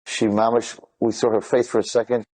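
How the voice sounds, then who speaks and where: A man, retelling stories in an excited, rambling way, mixing in Hebrew and Yiddish words. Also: medium pitch, a little fast. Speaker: speaker telling inspirational stories. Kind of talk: animated storytelling talk.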